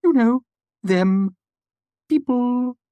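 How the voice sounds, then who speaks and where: A man's voice: very high voice, animated, drawn-out words, mellow, clean tone, no echo, voice pushed up, full character voice. A man voicing an odd, childlike archive dweller who talks in a distracted, theatrical way. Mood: distracted, whimsical.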